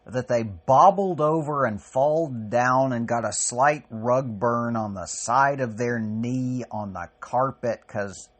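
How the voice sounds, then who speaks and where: A man delivering a personal spoken essay as a podcast host, halting and raw, with long pauses and swearing. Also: mid-range voice. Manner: raw and profane.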